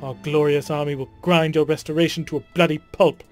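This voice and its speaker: A man voicing a gloating, cruel noblewoman villain in a put-on British accent, reading game dialogue with slow, sneering taunts. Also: fairly high pitch, little pitch movement, faint music behind, close to an everyday voice.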